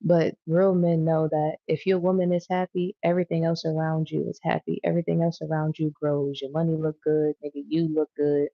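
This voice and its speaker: A woman's voice: low-pitched, level tone, fairly quick, few pauses, no echo, muffled recording. A woman giving a casual tarot reading to her viewers, rambling, profane and chatty as she goes. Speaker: tarot reader.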